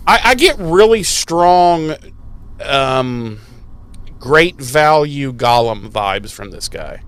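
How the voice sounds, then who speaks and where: A man's voice: mid-range voice, sing-song, slow pace, fairly bright tone, clean tone. A man co-hosting a podcast, recapping a TV episode in casual chat with rambling, profane asides. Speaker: podcast co-host.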